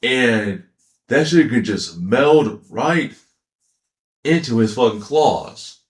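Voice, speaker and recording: A man's voice: medium pitch, slow pace, roomy sound. A man casually ranting about an anime, retelling scenes with swearing and laughter. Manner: animated, profane, laughing storytelling. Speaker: anime commentator.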